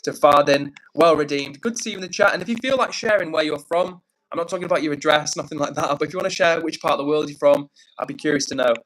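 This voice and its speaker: An English man hosting a casual livestream, upbeat and chatty as he reads out comments and gives shout-outs. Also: on the high side, fast, rough recording. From England. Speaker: livestream host.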